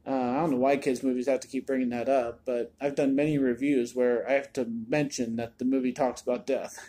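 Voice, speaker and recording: A man's voice: mid-range voice, level tone, brisk, mellow. A man giving a casual spoken movie review, chatty and exasperated, often repeating words as he restarts a thought.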